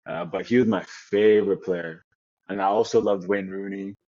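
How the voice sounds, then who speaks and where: A young man from Nigeria, a guest on an interview podcast, telling stories in a relaxed way with many restarts. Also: low voice, moderate pace, highs cut off. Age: young adult. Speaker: guest, American football player. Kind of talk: casual interview chat.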